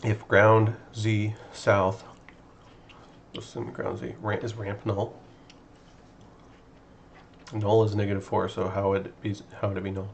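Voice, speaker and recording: Guy on a gamedev stream muttering through a bug, lowish voice, faint typing. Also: monotone, a little slow, gravelly, pauses often, a little hiss or hum. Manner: muttering to himself while debugging, thinking aloud. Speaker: game developer streaming. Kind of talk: casual live-stream chat while coding.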